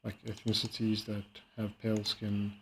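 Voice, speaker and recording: A man chatting casually while playing a game and reacting to a video, rambling and halting with many fillers. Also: lowish voice, monotone, fairly bright tone, a little hiss or hum. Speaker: streamer. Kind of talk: casual gaming commentary.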